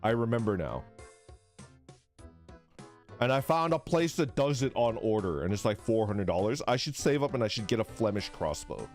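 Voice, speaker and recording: A man's voice: big pitch swings, normal speed, long pauses, faint music behind. A young man streaming and chatting casually, rambling and laughing, sometimes swearing as he tells stories. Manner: rambling, laughing, swearing, acts out voices in a high yell.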